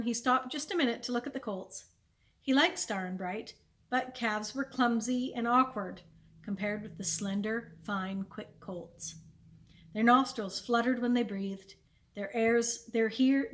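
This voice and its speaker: Woman reading a chapter book aloud. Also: fairly high pitch. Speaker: children's librarian reading aloud.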